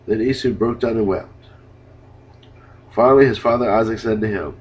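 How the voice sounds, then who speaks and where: A man narrating scripture in a steady, measured reading, in a dull lo-fi recording. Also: lowish voice, breathy edge. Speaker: Bible reader.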